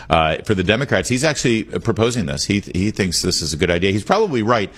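A man with a very low voice hosts a talk radio program from the studio. He delivers an opinionated, emphatic monologue and keeps returning to the call-in number to invite listeners to phone in. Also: very animated, fast talker, a bit bright. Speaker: radio talk show host. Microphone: studio microphone.

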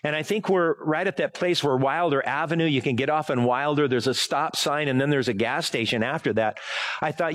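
A man's voice: fairly high pitch, normal speed, fairly bright tone. A middle-aged male pastor preaching casually, rambling through a personal story, correcting himself and asking his listeners for help. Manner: rambling, self-correcting, asks the audience for help. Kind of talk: conversational sermon with a personal story.

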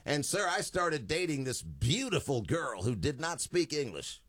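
A man's voice: on the high side, sing-song, unhurried, a bit bright, no echo. A man in his fifties, a radio talk show host, telling a joking story in a studio.

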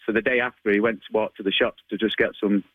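Brief: Manchester-accented man, thirties, fairly low voice, chatty and halting, dry close sound. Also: steady tone, no room sound, narrow, tinny audio. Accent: Manchester area English. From England. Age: 30s. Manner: chatty, hesitant with many ums, laughs often. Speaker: guest, martial arts instructor. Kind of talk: radio interview answers.

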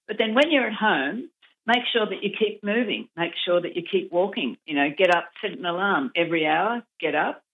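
Earnest woman on a tinny phone line. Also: lowish voice. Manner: earnest, encouraging, gives direct advice. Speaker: advocacy group founder, interviewee. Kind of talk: radio interview over the phone.

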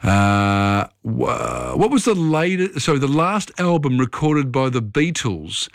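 A man hosts a radio quiz from a studio mic, firing off questions with quick asides and casual fillers. His voice is middle-pitched and the sound is close and dry, with no room around it. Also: big pitch swings, no echo. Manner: brisk, friendly quizmaster, quick asides and fillers. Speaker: radio host. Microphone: studio microphone.

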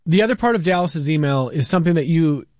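A man's voice: a little high, expressive, fast, a little mellow, no echo, clean studio sound. A man hosting a radio call-in show, reading listener emails aloud in a conversational way. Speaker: radio talk show host.

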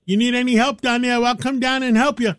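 A man co-hosts a talk show in rambling, friendly chat full of fillers. His voice sits notably high for a man. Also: level tone, brisk. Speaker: show co-host.

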